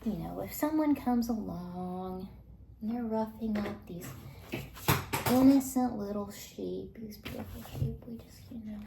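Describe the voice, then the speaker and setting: Woman vlogger, slow rambling chat, gravelly, drops into whispers, echoey room. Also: medium pitch, noisy background. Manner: rambling, many fillers, drifts into soft whispers. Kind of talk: casual monologue. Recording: echoey recording.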